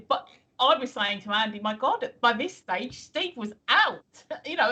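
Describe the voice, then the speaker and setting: A woman's voice: fairly high pitch, sharp tone. An older woman chatting casually in rambling asides as a stream co-host. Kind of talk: casual chat.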